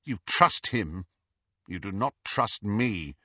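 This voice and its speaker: A man's voice: fairly low pitch, animated, slow, bright, forceful tone, no room sound, dull audio, full character voice. A man voicing Snape, a cold, sardonic wizard. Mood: resentful. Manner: sardonic, bitter, clipped. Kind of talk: audiobook character reading.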